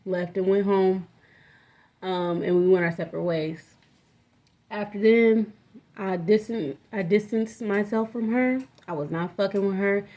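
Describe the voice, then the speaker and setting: A woman's voice: mid-range voice, mellow. A young woman telling a personal story in a candid, rambling, profane way, with lots of fillers. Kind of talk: casual storytime vlog. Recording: dull lo-fi audio.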